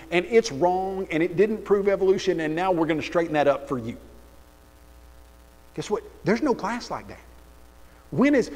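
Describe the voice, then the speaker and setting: A man preaching a sermon in an animated, sarcastic storytelling way. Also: sits high, long reverb tail, low-quality recording. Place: church auditorium.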